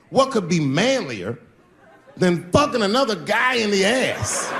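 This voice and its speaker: Male stand-up comic on stage, bit high, lively pitch, shouts punchlines, laughing crowd. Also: in a large hall, slight background noise. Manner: loose, animated storytelling with sudden shouts and put-on voices. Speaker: stand-up comedian. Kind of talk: stand-up comedy set. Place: stage before a laughing audience.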